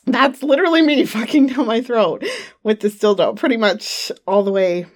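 A woman's voice: on the high side, moderate pace. A woman giving a casual monthly update to her listeners, chatty and giggly, on a home microphone, with a slightly runny nose. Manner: chatty and giggly, trailing off with fillers. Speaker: adult audio creator. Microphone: studio microphone at home.

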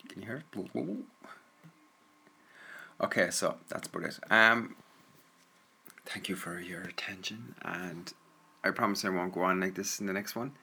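A man's voice: low voice, fairly even intonation, moderate pace, sharp tone, husky. An Irish man rambling casually through listener messages, self-deprecating and full of fillers. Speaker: audio content creator answering listener messages.

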